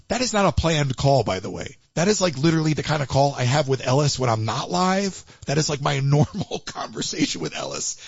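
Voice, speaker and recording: A man hosting a live call-in stream, chatty and animated, with Yiddish asides. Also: on the high side, gravelly, no echo. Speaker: livestream host taking calls. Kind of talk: casual chat. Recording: dull lo-fi livestream audio.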